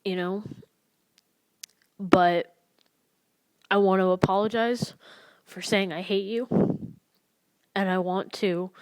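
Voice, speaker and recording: A young woman speaking in a personal confessional vlog, halting and emotional, recorded close in a dry room. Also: mid-range voice, steady tone, smooth, no echo. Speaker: vlogger.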